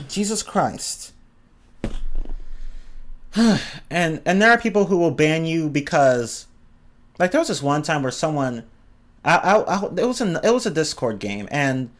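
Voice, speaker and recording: Fed-up man ranting, higher voice. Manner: exasperated, swears a lot, stumbles and restarts. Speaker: streamer ranting about online games. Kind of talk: casual profane rant.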